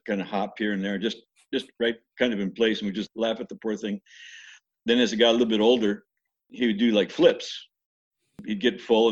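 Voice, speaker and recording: An older man tells stories in a loose, rambling way, full of restarts and asides. His voice is a little husky, and the recording sounds dull and lo-fi. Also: fairly low pitch. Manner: rambling, many restarts, imitates animal screams. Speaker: interviewee recalling mission life. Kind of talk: casual storytelling.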